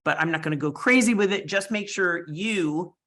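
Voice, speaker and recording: A woman's voice: fairly low pitch, moderate pace, a bit bright. A woman instructor walking through a photo editing tutorial in a chatty, explanatory way, with fillers and asides. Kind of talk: screen-share software tutorial.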